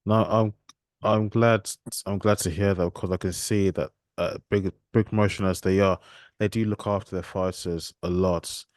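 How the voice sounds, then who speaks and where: A man's voice: low-pitched, steady tone, moderate pace, a little mellow, dry recording, clean studio sound. A man hosting a podcast interview, asking questions politely with a lot of hesitation. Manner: hesitant, many ums and restarts, polite. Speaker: podcast host.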